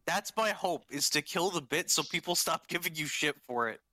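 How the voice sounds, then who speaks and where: A man's voice: fairly high pitch, lively intonation, normal speed, pushed and bright, no room sound, clean studio sound. A young man chatting casually with friends, brash and mocking, swearing often. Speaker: friend in group chat. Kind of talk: casual chat.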